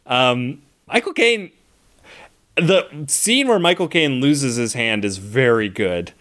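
A man's voice: medium pitch, expressive, takes it slowly, fairly bright tone. Rambling enthusiastic male podcast co-host. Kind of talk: casual movie podcast chat.

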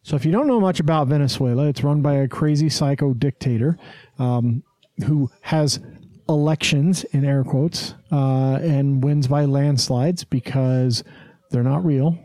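A man's voice: mid-range voice, a little slow, mellow, no echo. A man hosting a podcast in casual chat, blunt and rambling, swearing freely. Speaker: podcast host.

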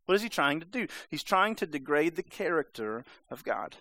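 A man's voice: fairly high pitch, sing-song, normal speed, sharp tone, dry recording. A man preaching a sermon in a conversational, emphatic way, sometimes acting out voices. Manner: conversational, emphatic, acts out the serpent's lines.

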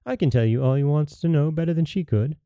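A man's voice: on the high side, fast talker, no room sound, dull audio, voice pushed up, natural voice. A man voicing a malicious little dwarf who talks in a wheedling, spiteful way.

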